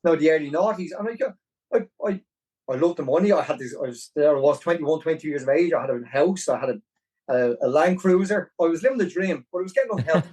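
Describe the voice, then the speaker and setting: A man in his forties with a Dublin Irish accent spins an animated, self-deprecating tale in a fairly high voice. He sits a little back from the microphone. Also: fast, slightly rough, far from the mic, low-quality recording. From Ireland. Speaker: podcast guest, marathon runner. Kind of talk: casual storytelling interview.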